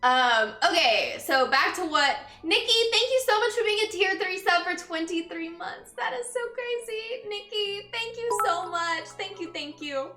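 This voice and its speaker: Bright, high-voiced young woman streamer. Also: animated, measured pace, hardly any pauses. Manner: chatty, laughs often, greets viewers upbeat. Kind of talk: casual chat with viewers. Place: empty room, indoors. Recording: echoey empty room.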